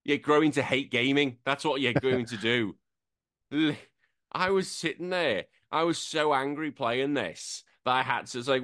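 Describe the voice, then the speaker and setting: A man's voice: medium pitch, moderate pace, a bit bright, no room sound, clean studio sound. A man hosting a casual chat over a video call, ranting animatedly and swearing. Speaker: podcast host. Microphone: headphones and desk microphone.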